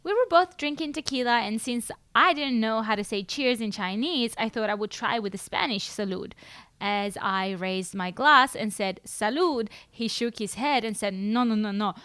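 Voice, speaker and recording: A woman's voice: fairly high pitch, moderate pace, sharp tone, clear, resonant tone, no echo. A woman co-hosting a podcast, reading listener stories aloud and giggling through casual chat. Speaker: podcast co-host.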